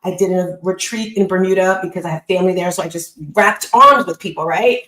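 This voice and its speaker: A woman's voice: fairly low pitch, fairly quick, fairly bright tone, reverberant, low-quality recording. A woman hosting a live online call as a business coach, giving an upbeat, emphatic motivational talk and repeating phrases.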